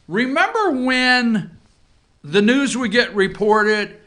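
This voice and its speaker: In an office, a male host with a bright, forceful voice offers casual opinion commentary, talking straight to viewers. He's animated yet slow, his pitch swinging widely, and he keeps the audience with him through frequent "okay?" asides.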